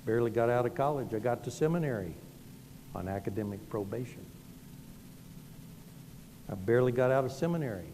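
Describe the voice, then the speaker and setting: A middle-aged Southern pastor delivers a sermon in a mellow, dark, mid-range voice, telling folksy, homely stories that make fun of himself. He speaks briskly with frequent pauses, and his words echo with long reverb in a large hall over faint background noise.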